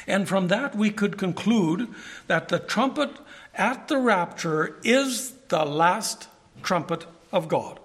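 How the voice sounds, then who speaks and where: A man with a high voice preaching a Bible lesson. He reads scripture aloud and stops to explain it to the congregation. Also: lively intonation, takes it slowly, a bit bright. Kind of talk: Bible teaching sermon.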